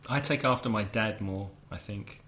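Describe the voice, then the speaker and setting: A man with an English accent co-hosting a casual language-learning podcast, relaxed and self-deprecating, quick to laugh. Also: fairly low pitch. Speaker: podcast co-host teaching English phrasal verbs.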